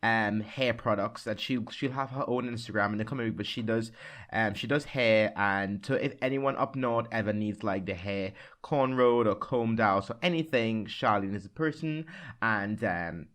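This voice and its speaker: A man's voice: lowish voice, normal speed, fairly bright tone. A man co-hosting a casual podcast from home, sassy and dramatic, swearing freely and joking with his co-host. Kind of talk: casual chat. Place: home room with an open window.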